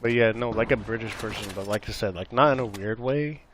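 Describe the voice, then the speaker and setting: A man talks through a live game stream in a fairly low voice, wandering and repeating himself with lots of fillers. Gunshots and game noise sound clearly beneath his voice. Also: fairly quick. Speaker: gaming streamer. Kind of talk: live gameplay commentary with viewers. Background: gunfire and game sounds.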